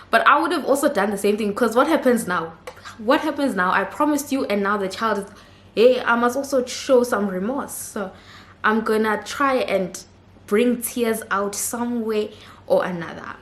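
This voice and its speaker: Chatty woman in echoey room. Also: mid-range voice. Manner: chatty and expressive, laughs readily. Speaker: reality TV reviewer. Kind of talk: casual episode recap.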